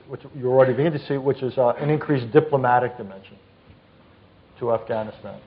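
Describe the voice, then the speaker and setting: A man speaking as a panelist at a policy session, measured and deliberate, with frequent pauses and restarts. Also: medium pitch. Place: conference hall. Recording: tinny phone-like sound.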